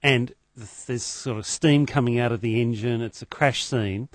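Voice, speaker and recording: A man, a radio guest telling lively anecdotes. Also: medium pitch, moderate pace, no room sound. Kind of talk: casual radio banter.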